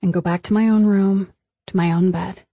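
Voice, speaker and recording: A woman reads a first-person story aloud with measured, tense pacing. Her voice is husky and breathy. The recording is dry and close, with no room echo. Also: mid-range voice, fairly even intonation, warm tone. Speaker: audiobook narrator. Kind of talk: first-person audiobook narration.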